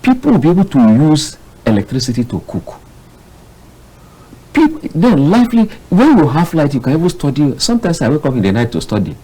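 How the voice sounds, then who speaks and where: A Nigerian man, a public affairs analyst, giving heated, exasperated commentary on a studio panel, his voice jumping to sudden high bursts. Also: huge pitch swings, a little fast, warm tone, husky, poor audio.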